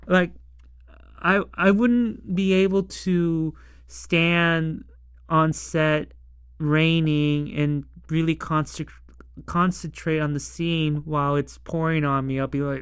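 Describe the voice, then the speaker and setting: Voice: mid-range voice, steady tone, slow pace, clean tone, no echo, clean studio sound. A casual reviewer talking through a TV episode, rambling with lots of "like" and laughing often.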